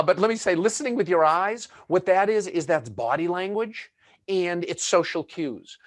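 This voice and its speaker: A man's voice: fairly high pitch, fairly bright tone, dry recording, clean studio sound. A man presenting a webinar in a chatty, conversational way, full of fillers and asides.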